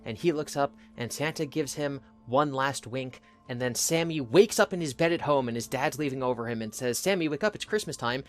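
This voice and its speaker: A man's voice: medium pitch, moderate pace, hardly any pauses, soft background music. A man co-hosting a podcast, narrating an improvised holiday story in an easygoing way. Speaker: podcast host.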